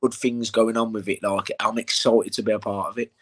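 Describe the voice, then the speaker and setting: A young man in a casual interview, telling animated stories with plenty of swearing and "mate.". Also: lowish voice, a little fast, breathy edge. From England. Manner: animated storytelling, swears, says "mate" a lot. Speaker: bare-knuckle fighter, interview guest.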